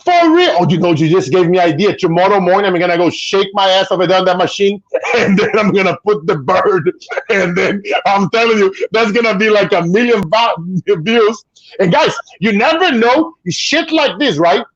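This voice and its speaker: Animated Brazilian-accented man, high lively voice. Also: moderate pace, dry recording, dull audio. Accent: Brazilian Portuguese. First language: Portuguese. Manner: animated storyteller, swears casually, acts out voices. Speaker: guest. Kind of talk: casual chat on a video call.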